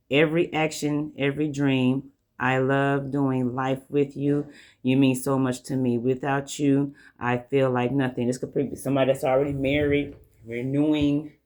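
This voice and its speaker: A man's voice: mid-range voice, level tone, measured pace, darkish tone. Rambling Southern man reading tarot. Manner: rambling, repeats "like I said" and "you know". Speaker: tarot reader. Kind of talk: casual tarot reading to camera.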